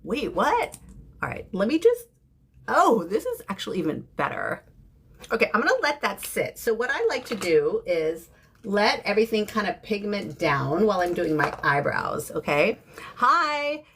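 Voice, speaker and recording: A woman in her fifties from San Francisco, chatting casually during a makeup livestream and greeting viewers by name, with bursts of high excitement. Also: moderate pace, slight background noise. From San Francisco, USA. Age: 50s. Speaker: beauty creator.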